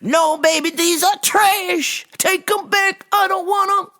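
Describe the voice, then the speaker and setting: A woman putting on a high, sugary voice for a pushy, rude churchgoing woman customer who calls everyone baby, drawing out her demands. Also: steady tone, pushed and bright, exaggerated voice. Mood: fussy. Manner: drawn-out, demanding, condescending.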